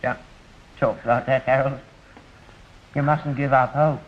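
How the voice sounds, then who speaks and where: A man's voice: medium pitch, little pitch movement, unhurried, close to an everyday voice. An actor playing a defensive, nagging old rag-and-bone man from in a radio sitcom, speaking working-class slang. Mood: scolding. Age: older. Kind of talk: 1960s radio sitcom acting. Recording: dull hissy old radio recording.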